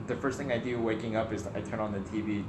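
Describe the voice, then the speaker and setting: A man co-hosting a casual Q&A vlog, easygoing and soft-spoken. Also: on the low side, steady tone, fast, roomy sound, background noise. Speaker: co-host. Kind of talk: casual Q&A chat.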